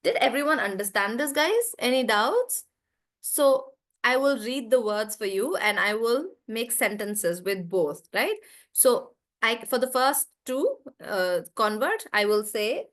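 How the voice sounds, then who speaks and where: A woman's voice: on the high side, very animated, unhurried, fairly bright tone. A young woman with an Indian English accent teaching an online English class, chatty, giving example sentences and stories.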